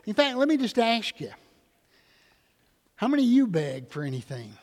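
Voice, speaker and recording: An older man preaching a sermon in a church, rising loud then dropping soft, with questions to the congregation. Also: sits high, very animated, normal speed, long reverb tail. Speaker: pastor. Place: church sanctuary.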